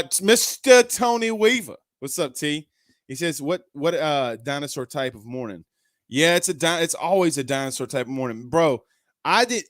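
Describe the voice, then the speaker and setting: A man's voice: medium pitch, fairly bright tone, dry recording, clean studio sound. A man hosting a live sports talk show, chatting loosely with lots of fillers and restarts.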